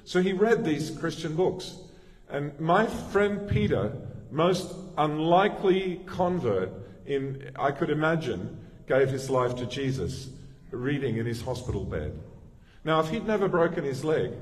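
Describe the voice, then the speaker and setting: A man's voice: on the high side, expressive, measured pace. A middle-aged male pastor giving a sermon in a conversational, storytelling way, often restarting his sentences. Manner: conversational, anecdotal preaching with frequent restarts. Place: church. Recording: long reverb of a church hall.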